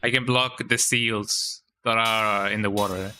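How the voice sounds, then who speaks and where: A man's voice: on the low side, steady tone, measured pace, pushed and bright, slight background noise, rough recording. A man streaming a game, playfully reading the characters' lines aloud and tacking a jokey "eh?" onto them. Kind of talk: casual gameplay commentary. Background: game music.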